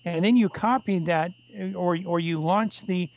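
A man's voice: sits high, normal speed, low-quality recording. Rambling man hosting a radio show. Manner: rambling, many restarts and fillers. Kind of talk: casual call-in radio talk.

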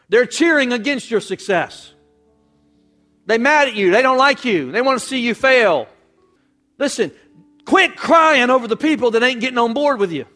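A man's voice: very high voice, fairly bright tone. A man preaching a sermon with folksy, impassioned delivery, calling out to the congregation. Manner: impassioned, call-and-response, folksy. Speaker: pastor.

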